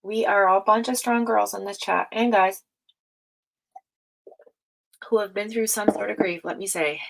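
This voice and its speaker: A woman hosting a tarot reading livestream, talking casually and affectionately to viewers, with many fillers, sighs and soft laughs. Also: mid-range voice, steady tone, slow pace, creaky, pauses often, low-quality recording. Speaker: tarot reader and livestream host.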